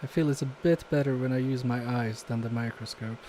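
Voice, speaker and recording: A man's voice: mid-range voice, steady tone, brisk, warm tone, slight background noise. A man from Poland, talking through a fiddly repair on a livestream with self-deprecating asides. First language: Polish. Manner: muttering asides while working, self-deprecating. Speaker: repair streamer. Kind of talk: live repair commentary.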